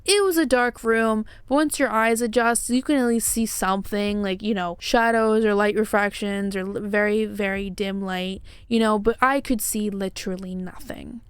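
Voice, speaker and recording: Woman, vlogger, dramatic personal storytelling, smooth clear voice, dry close sound. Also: mid-range voice, moderate pace, hardly any pauses, dry recording. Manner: emotional, dramatic retelling with many fillers. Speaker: paranormal investigator and vlogger.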